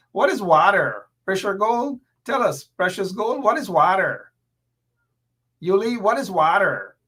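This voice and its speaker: A man's voice: high voice, fairly bright tone. A man hosting a live political stream, fiery and repetitive as he reads out viewer comments. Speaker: host.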